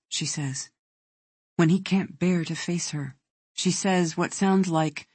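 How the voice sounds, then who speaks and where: An audiobook narrator reading a thriller in a measured, even way. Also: medium pitch, slightly rough, no room sound.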